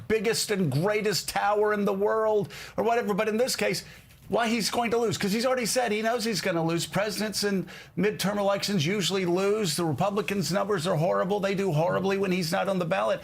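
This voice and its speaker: A man's voice: high voice, creaky. A male television host giving incredulous, mocking political commentary.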